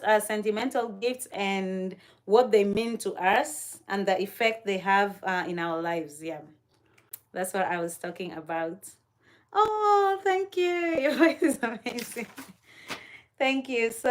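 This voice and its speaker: A woman hosting a casual livestream chat, talking straight to her viewers, laughing often and filling pauses with "uh" and "um". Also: fairly high pitch. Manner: chatty, laughs often, many fillers; talks to chat viewers directly. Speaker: livestream host.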